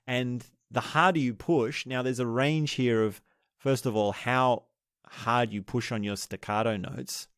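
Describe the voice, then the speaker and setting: A man guides listeners through breathing techniques, explaining each stage patiently with measured pauses and the odd restarted phrase. His voice sits at an ordinary middle pitch and moves at a slow, unhurried pace. The recording is dry, with almost no room sound. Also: dry recording. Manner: explains step by step, demonstrating laughter breathing aloud. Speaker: meditation and breathing teacher. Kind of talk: spoken lesson on breathing techniques.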